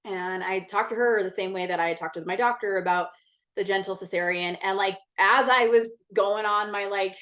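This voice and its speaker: In a casual podcast interview, a woman guest speaks at a moderate pace in a medium-pitched, slightly bright voice. She relates a personal story candidly and intensely, swearing a lot and saying "like" constantly in a chatty way.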